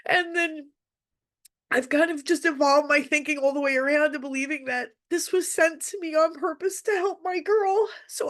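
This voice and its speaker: A middle-aged woman hosting an online workshop for parents, speaking in a direct, heartfelt way with frequent restarts. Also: sits high. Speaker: workshop presenter. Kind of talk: emotional webinar talk to parents. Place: hotel room.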